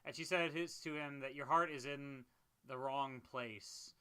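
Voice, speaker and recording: A man's voice: mid-range voice, a little slow, pushed and bright, smooth. A man co-hosting a podcast, chatting casually about a film with frequent laughs and filler words. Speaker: podcast co-host. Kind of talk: casual movie review chat.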